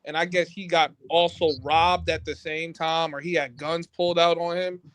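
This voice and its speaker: A Nigerian American man with a high-pitched voice teases the panel in brash, profane banter. The sound is dry, with little room echo. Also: flat delivery, moderate pace, a bit bright. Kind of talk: casual livestream panel banter.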